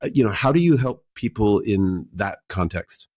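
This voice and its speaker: A man with a somewhat low voice hosts a podcast conversation, recorded dry and close. He asks his questions in a measured, thoughtful way, pausing over his words. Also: animated, darkish tone, dry recording. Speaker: podcast host. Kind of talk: interviewer conversation.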